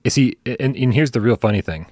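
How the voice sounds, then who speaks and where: A man's voice: medium pitch, brisk, dry recording. Male co-host, casual stream chat, rambling and laughing, dry mic. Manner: animated, mock-exasperated, laughing, rambling. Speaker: podcast co-host.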